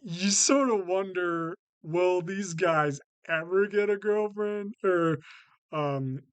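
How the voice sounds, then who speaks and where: Guy doing a slow rambly show-ranking vlog, lots of ums and restarts, dry sound. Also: high voice, smooth, dry recording, highs cut off. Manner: halting, many fillers and restarts, repeats "basically". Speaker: vlog host ranking TV shows. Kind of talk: casual unscripted talk to camera.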